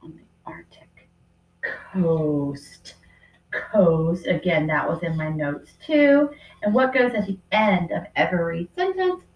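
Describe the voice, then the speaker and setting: A woman teacher giving a remote writing lesson to young children, speaking slowly and sounding out each word as she writes, recorded on a computer microphone. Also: on the low side, lively intonation, highs cut off. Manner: slow and deliberate, sounding out words while writing. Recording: roomy echo.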